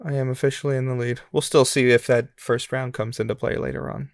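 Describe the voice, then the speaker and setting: A man co-hosting a podcast game segment, relaxed and chatty, laughing easily. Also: medium pitch, fast, creaky, no echo, studio quality. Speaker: podcast co-host. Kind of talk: casual game-show chat.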